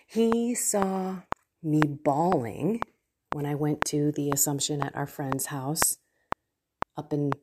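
A woman's voice: sits low, noisy background. A middle-aged woman sharing a heartfelt personal reflection on faith and trust, speaking earnestly to her viewers. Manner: earnest, heartfelt, slow and soft at times. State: tearful at moments. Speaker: faith coach and host. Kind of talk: personal spiritual reflection to camera.

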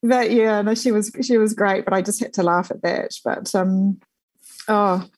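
A woman spins her work stories in an easy, conversational way. She talks at a middling pitch, stacking fillers and quick restarts as the anecdotes roll out. She sounds like a journalist being interviewed about her career. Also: low-quality recording. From New Zealand. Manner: animated anecdotes with frequent fillers and laughter. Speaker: journalist guest.

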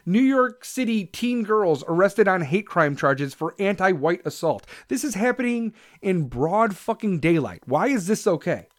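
A man's voice: high voice, expressive, measured pace, few pauses, dry recording. A man delivering an angry, profane rant to camera, aggressive and swearing constantly. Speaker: vlogger.

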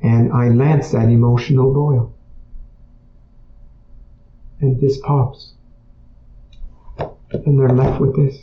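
A man's voice: medium pitch, steady tone, takes it slowly, long pauses, slight background noise. A man speaking to an audience in a conversational storytelling way. He repeats his points and often checks in with "okay?". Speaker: speaker on emotional healing. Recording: echoey, dull room sound.

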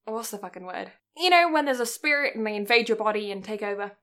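A woman's voice: medium pitch, fast, fairly bright tone. A woman co-hosting a podcast, recapping a film in casual chat. She is giggly, rambles and swears freely. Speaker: podcast co-host.

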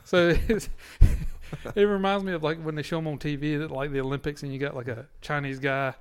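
A man telling a story in casual chat, relaxed and unhurried. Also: a little high, smooth. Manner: relaxed, drawn-out storytelling with laughs.

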